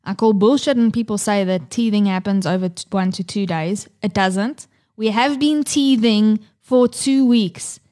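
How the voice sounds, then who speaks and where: A woman's voice: medium pitch, unhurried, dark tone. A woman in her thirties co-hosting a podcast, talking candidly and swearing freely about family life. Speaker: podcast co-host. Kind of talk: casual chat.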